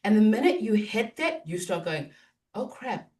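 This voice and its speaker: A woman business coach talking in a podcast interview, animated and acting out inner self-talk. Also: mid-range voice, normal speed, far from the mic.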